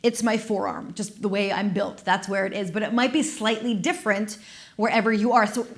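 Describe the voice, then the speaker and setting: A woman movement instructor guiding an exercise class on a dedicated microphone, gentle, playful and encouraging, with soft laughs. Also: medium pitch, steady tone, a little fast. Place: studio.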